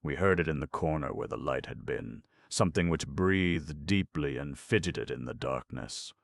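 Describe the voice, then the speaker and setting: Very deep, gravelly male narrator. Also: no echo, clean studio sound. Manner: measured, dramatic reading. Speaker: audiobook narrator. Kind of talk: scripted narration of a ghost story.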